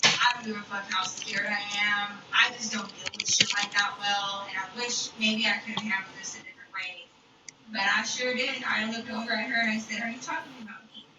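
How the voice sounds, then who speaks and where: A woman's voice: medium pitch, fairly even intonation, moderate pace, dull audio, heavy background noise. Profane young woman telling a storytime. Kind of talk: casual storytime. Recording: roomy distant mic with background video playing. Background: YouTube video playing in the background.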